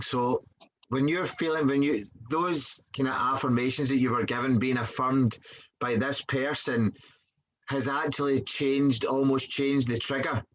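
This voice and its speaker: A man's voice: medium pitch, fairly bright tone, highs cut off. A man earnestly explaining his reflections on a guest's story. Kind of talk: reflective commentary.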